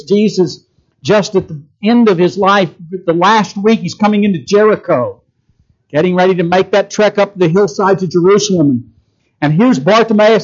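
Through dull-sounding audio, a high-voiced man delivers an emphatic sermon. He poses rhetorical questions to the audience and dramatizes the quotations he reads aloud.

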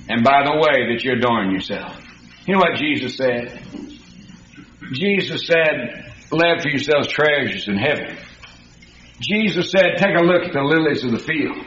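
A man's voice: a little high, fairly bright tone. A man preaching a sermon in a folksy, storytelling way that rises to emphatic peaks. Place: church hall. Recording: dull, echoey hall recording.

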